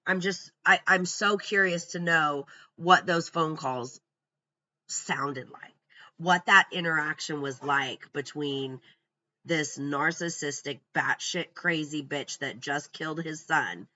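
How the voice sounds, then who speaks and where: Casual true crime commentator with a sharp, bright tone. Blunt and scornful, walks through notes. Lo-fi, muffled recording. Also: mid-range voice, a little slow. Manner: blunt, profane, scornful asides.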